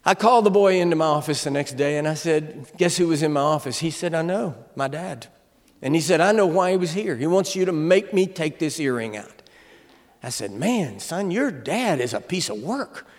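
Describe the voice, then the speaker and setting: A guest preacher in his seventies talks fairly quickly in a high, bright voice during a humorous sermon. He plays his stories for laughs with sharp timing and shouts the key lines, which echo with long reverb through a large church sanctuary.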